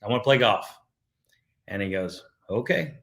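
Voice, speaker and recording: Low-voiced middle-aged golfer, rambling stories. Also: male voice, animated, normal speed, a bit bright. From South Texas. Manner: storytelling with many fillers and restarts. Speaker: podcast guest, golfer. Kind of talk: casual interview talk.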